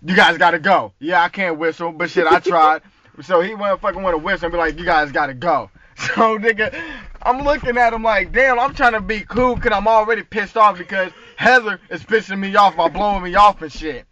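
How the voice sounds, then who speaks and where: Sitting in a parked car, a male vlogger with a high, bright, pushed voice tells an angry story at a brisk clip. His heated telling is profane and packed with street slang, and the phone recording sounds dull and dry.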